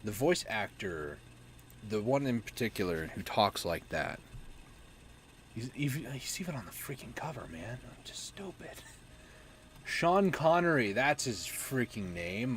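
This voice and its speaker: A man's voice: fairly low pitch, slight background noise. A man giving casual gameplay commentary, rambling and mocking himself, chuckling often. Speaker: gaming YouTuber.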